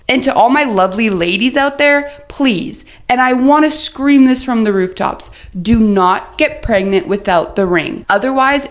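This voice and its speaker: A woman hosting a commentary video, talking in a blunt, sassy way. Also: a little high. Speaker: commentary host. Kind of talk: scripted commentary.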